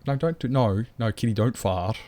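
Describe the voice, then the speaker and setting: A man's voice: mid-range voice, normal speed, dark tone. A man streaming a game live, chatting loosely with viewers and rambling to himself. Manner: rambling, chatty, greets viewers, talks to his cat. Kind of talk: casual live-stream chat.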